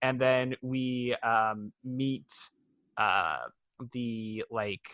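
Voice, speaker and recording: A man's voice: mid-range voice, fairly even intonation, extremely slow, no echo, highs cut off. Chatty, wry male podcast co-host. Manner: chatty, wry, sarcastic asides. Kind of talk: casual chat reviewing a cartoon.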